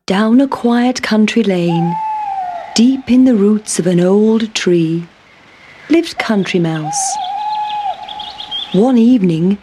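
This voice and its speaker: A woman reading a children's story aloud in a calm, clear storytelling manner. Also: mid-range voice, background noise.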